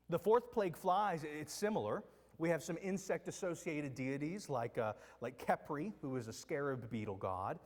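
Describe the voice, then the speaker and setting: A man's voice: a little high, animated, moderate pace, long reverb tail. A man preaching a sermon, teaching animatedly with rhetorical questions and quoted voices. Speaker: pastor.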